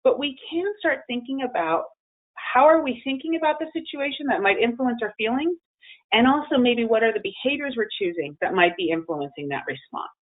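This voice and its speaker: A woman's voice: on the high side, animated, fairly quick. A woman giving a webinar presentation on emotional well-being in a conversational way, with fillers and restarts. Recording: phone-line audio.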